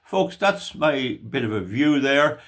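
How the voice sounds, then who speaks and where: Older Irish man, vlog political commentary, emphatic and ranting, pitch swings widely. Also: expressive, takes it slowly, fairly bright tone. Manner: emphatic, opinionated ranting delivery.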